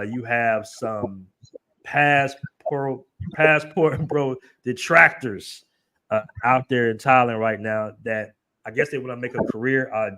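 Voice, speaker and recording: A man's voice: mid-range voice, a bit bright. A man hosting a live show, chatting casually in a loose, rambling, emphatic way. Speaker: host.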